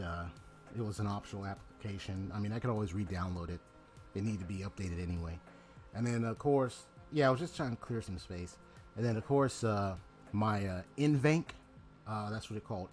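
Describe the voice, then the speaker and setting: A man's voice: fairly low pitch, a little mellow. A man chatting casually to his live-stream viewers, rambling with lots of fillers and restarts, on a desk microphone at his home gaming setup.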